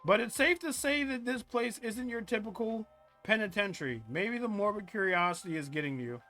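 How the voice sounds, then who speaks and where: High, bright-voiced male streamer. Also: expressive, brisk, soft background music. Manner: reads game text aloud with joking asides and swearing. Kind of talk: live-stream game commentary.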